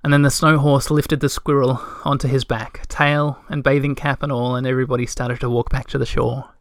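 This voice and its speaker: A man narrating a storybook in a calm, measured way. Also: medium pitch, no echo, studio quality. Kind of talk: audiobook narration.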